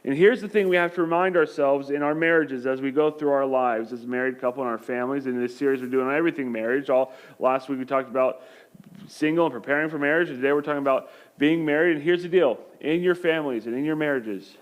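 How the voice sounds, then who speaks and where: A man's voice: medium pitch, quick pace. A male pastor in his thirties giving a conversational sermon, telling humorous stories.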